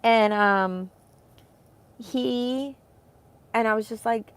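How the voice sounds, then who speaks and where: A homeschooling mom in her thirties vlogs casually to the camera, rambling heartfelt thoughts full of fillers while emotional and near tears. Her medium-pitched voice is creaky and steady, at normal speed with long pauses.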